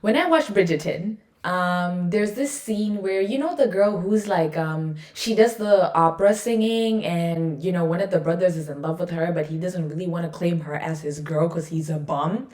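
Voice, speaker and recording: Young woman, podcast host, low pitch, playful, self-mocking, casual chat. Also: normal speed, few pauses, darkish tone, reverberant.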